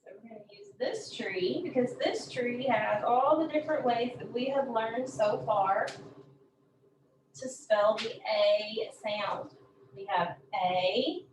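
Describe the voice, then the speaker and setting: A woman teaching a phonics lesson, saying each word slowly and repeating it several times. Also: fairly high pitch, a little hiss or hum. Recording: echoey room from a distance.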